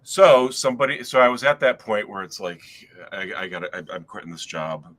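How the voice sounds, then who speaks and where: A middle-aged man tells a long, winding anecdote as a guest on a chat show, with his sentences often stopping and starting again. His voice sits low, but its tone is bright and pushes forward. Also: animated, fairly quick. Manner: rambling, self-interrupting anecdote teller. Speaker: guest author. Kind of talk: casual storytelling.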